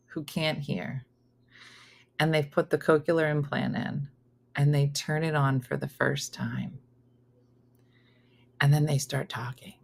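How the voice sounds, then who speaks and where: Middle-aged woman host with a lowish, bright voice; chatty, animated, does voices in her stories. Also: creaky. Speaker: morning show host reading viewer comments. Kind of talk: casual chat with storytelling.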